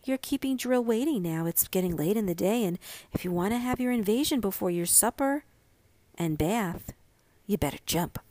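A woman voicing a patient, amused mother who speaks calmly and teases gently in a storybook reading. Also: medium pitch, normal speed, dry recording, lightly acted. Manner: gently teasing, calm.

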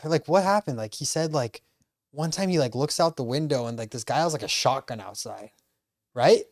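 A man's voice: mid-range voice, animated, moderate pace. A young man hosting a podcast in casual chat, easygoing and laughing often. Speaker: podcast host.

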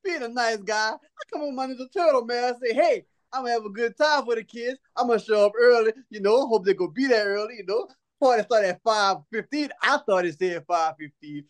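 A man with a very high-pitched voice, talking fairly quickly, hosts a podcast and tells a long story in casual chat. Animated and often laughing, he swears, jokes without restraint, and acts out others' dialogue in altered voices.

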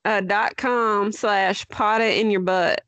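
A woman's voice: mid-range voice, steady tone, takes it slowly, fairly bright tone, no room sound. A woman putting on a folksy American country accent as a drawling cowgirl while reading out podcast plugs. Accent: put-on American country.

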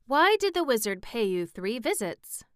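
A woman voicing a stern but gracious female sorceress ruler in a storybook reading, commanding and measured. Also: on the high side, big pitch swings, a bit bright, clean tone, no echo, clean studio sound, voice pushed up.

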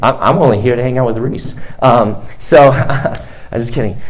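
A man preaching a sermon to a youth group. He talks casually, then builds to loud, emphatic preaching and repeats lines for emphasis. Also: medium pitch, moderate pace. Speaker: youth pastor.

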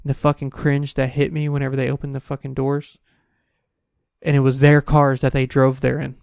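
A man's voice: medium pitch, monotone, moderate pace, gravelly, darkish tone, smooth, no room sound, studio quality. A man delivering a profane, exasperated comedic rant, exaggerating wildly. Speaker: comedic ranter.

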